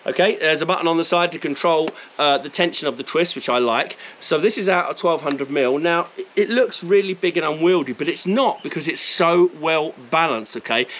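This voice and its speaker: A man's voice: on the high side, brisk, hardly any pauses, a bit bright, slight background noise, low-quality recording. A man with a Cockney accent, a wildlife photographer talking casually and enthusiastically to camera outdoors, joking at his own expense. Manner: enthusiastic, chatty, self-mocking. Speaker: wildlife photographer reviewing gear. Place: outdoors in the bush.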